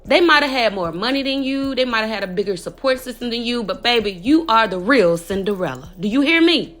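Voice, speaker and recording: A woman in her morning voice giving a casual, animated spiritual reading, talking straight to the listener and calling them baby. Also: a little high, brisk. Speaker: spiritual reader podcaster.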